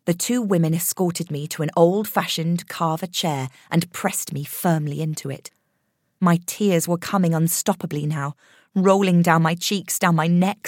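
A woman narrating a horror story in a measured, expressive reading voice. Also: lowish voice, dry recording, studio quality.

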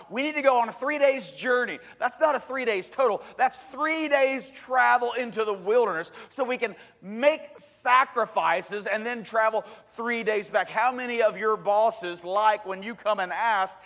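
Man, pastor, sermon, high voice, animated, jokey asides, loud bursts of emphasis, long hall reverb. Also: moderate pace, few pauses.

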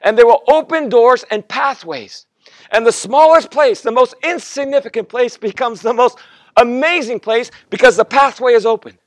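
Guest pastor guy in his 50s, really high voice, stumbles over words, tells stories in his sermon, dry sound. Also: moderate pace, no room sound. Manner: storytelling with acted quotes, conversational and repetitive; stammers and restarts often.

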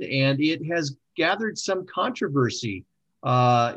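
A man's voice: medium pitch, no room sound, lo-fi sound. A middle-aged man hosting an online discussion, speaking with many hesitations and fillers. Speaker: host.

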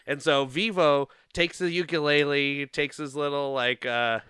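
A man with a bright, crisp voice and a steady middle pitch rambles through a story, laughing often and filling pauses with "um" and "like". The sound is close and dry, with no room around it. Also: no room sound. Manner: rambling and playful, laughs often, many fillers. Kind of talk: casual chat, rambling plot retelling.

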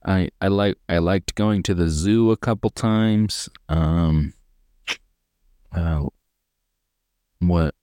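A man's voice: low-pitched, takes it slowly, pauses often, dark tone, clear, resonant tone, no echo. A man co-hosting a podcast, chatting casually and sarcastically about a movie he found goofy, rambling with fillers and mocking the characters. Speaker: podcast co-host. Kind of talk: casual movie review chat.

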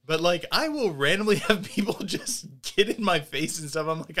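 A man co-hosting a podcast, telling stories in a laid-back, animated way. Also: high voice, moderate pace. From Indiana, US. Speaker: podcast co-host. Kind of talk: casual chat, storytelling.

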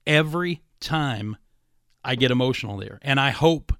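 A man's voice: mid-range voice, lively intonation, moderate pace, a bit bright, clean tone, no room sound. Male radio host, earnest and conversational, dry close sound. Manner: earnest, many small restarts.

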